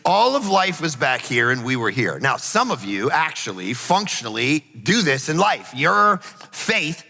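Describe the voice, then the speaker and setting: A male pastor giving an animated, storytelling sermon in a church, rising now and then to shouts. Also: fairly high pitch, unhurried, creaky, long reverb tail. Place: church auditorium.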